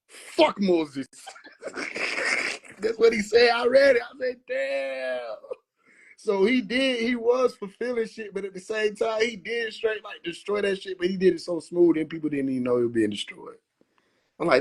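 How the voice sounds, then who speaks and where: A man talking casually on a phone livestream, animated and profane, laughing often and slipping into mock biblical voices. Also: high-pitched, normal speed. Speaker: livestream host.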